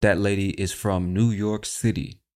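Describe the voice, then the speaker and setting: A male podcast host with a very low, deep voice chats casually about accents. He speaks directly to the listener, calling them "my friend," in an easygoing style. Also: little pitch movement, unhurried. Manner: chatty, addresses the listener as "my friend". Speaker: host of an English-learning show.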